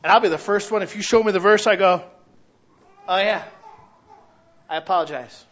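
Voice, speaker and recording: A man pastor preaching a sermon in a church, animated, asking questions aloud and acting out what people say. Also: high-pitched, moderate pace, dull audio. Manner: animated preaching, acting out quoted voices, shouts rhetorical questions.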